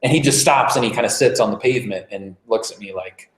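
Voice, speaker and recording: A man's voice: on the low side, fast. A man delivering a conversational sermon as pastor, informal, with frequent fillers and restarts. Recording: roomy, echoey church room.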